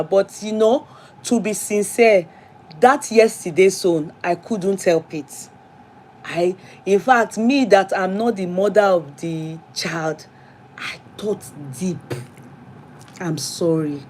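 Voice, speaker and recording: A woman's voice: mid-range voice, measured pace, a little mellow. A middle-aged woman with a Nigerian accent chats live with her viewers, reading out names and welcoming each one. She talks in a loose, conversational way, drifting between standard English and pidgin. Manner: chatty, greets commenters by name, slips into pidgin. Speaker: livestream host. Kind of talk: casual live chat.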